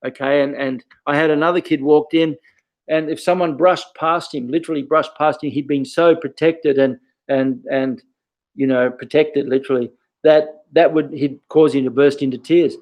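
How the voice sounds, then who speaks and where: A man gives casual teaching advice as a karate instructor. His voice sits fairly high, and he keeps firing off questions and punctuating his points with "okay". He tells stories in a lively way. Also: moderate pace, muffled recording.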